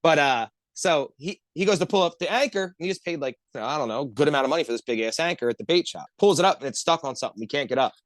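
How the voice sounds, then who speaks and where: A man tells a rambling story to his friends on a podcast, cursing freely and piling one clause on top of the next. He talks very fast in a slightly raised voice. The recording is dry and close. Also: on the high side, no echo. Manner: profane, animated, rambling storyteller. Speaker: podcast co-host. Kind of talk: casual storytelling among friends.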